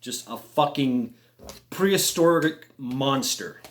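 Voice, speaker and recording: A man casually telling a long story, rambling and animated, swearing freely and making little sound effects as he goes. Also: mid-range voice, slow pace. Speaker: vlogger telling a military story.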